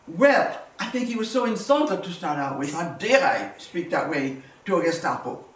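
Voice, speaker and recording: A woman's voice: deep voice, sing-song, normal speed, a little hiss or hum. A woman, giving a personal testimony as a war survivor and telling it vividly with repeated words. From Belgium. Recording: roomy, distant mic, faint ambience.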